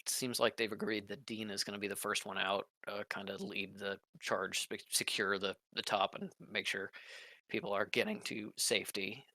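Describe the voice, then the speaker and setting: A man narrating a tabletop game as game master, halting, with many fillers. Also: lowish voice, pushed and bright, no echo.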